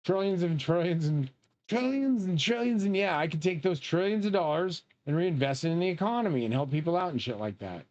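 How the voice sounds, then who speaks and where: Guy streaming a game, rambly and cussing, kinda high voice, muffled lo-fi sound. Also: brisk. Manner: rambling, profane, excitable outbursts. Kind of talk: casual rambling commentary while gaming.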